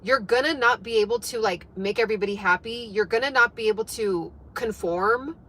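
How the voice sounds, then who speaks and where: A young woman telling a story to her viewers in a chatty, animated way, full of fillers. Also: fairly high pitch, brisk, poor audio. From United States. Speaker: fitness and life coach.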